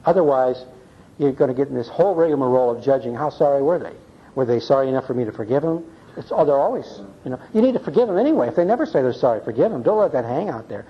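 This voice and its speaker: This older man's medium-pitched voice is animated and quick, with a breathy edge, as he teaches a church Bible class. Folksy and earnest, he keeps checking in with "see?" and "okay?", all captured on a muffled lo-fi recording.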